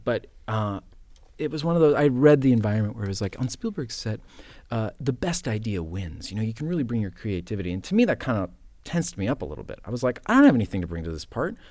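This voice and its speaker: A man with a fairly low voice chats as a podcast guest, recorded close and dry. He tells his set stories in an animated, nervous, self-mocking way with the odd curse. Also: quick pace, dry recording. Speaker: actor guest. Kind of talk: casual storytelling chat. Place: podcast studio.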